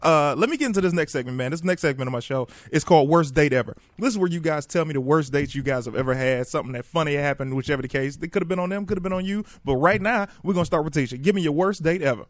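A man's voice: a little high, racing, few pauses, dry recording. Playful man hosting a radio talk show. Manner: playful, joking banter. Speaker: host.

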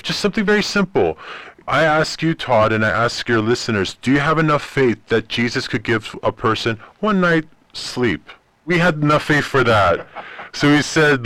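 A man's voice: on the high side, normal speed, dry recording. A man whose first language is Persian, telling stories as an interview guest and acting out the voices he quotes. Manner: animated storyteller, acts out quoted voices. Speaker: ministry guest. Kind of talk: interview storytelling.

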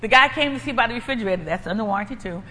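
Lively woman preaching in an echoey hall. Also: on the high side, racing. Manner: emphatic, repetitive, conversational. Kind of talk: preaching with personal testimony. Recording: echoey hall, faint ambient noise.

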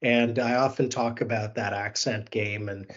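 Canadian guy in his 50s hosting a podcast, bit husky, keeps restarting his sentences, kinda dull muffled audio. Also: on the low side, fairly even intonation. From South Africa. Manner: eager, halting, full of restarts. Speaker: podcast host. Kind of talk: podcast interview over a video call.

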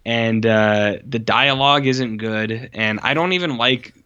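Bright-voiced man ranting casually, lo-fi. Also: medium pitch, measured pace, clear, resonant tone. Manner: rambling, says "like" constantly, blunt and swears. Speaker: podcast co-host reviewing a movie. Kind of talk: casual chat. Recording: dull lo-fi sound.

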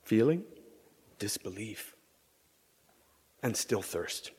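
A man with a lowish voice preaching a slow, meditative reflection, leaving long pauses between phrases. He is measured and contemplative and drops to near-whispers at times. Faint ambience sits behind him. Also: expressive, a little mellow, big-room sound, a little hiss or hum. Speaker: preacher leading a vigil reflection.

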